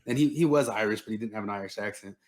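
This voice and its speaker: A man's voice: on the low side, rapid-fire. A young man co-hosting a casual podcast chat, talking in a chatty way and lecturing at times. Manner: chatty, laughs often, lecturing aside. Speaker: podcast co-host.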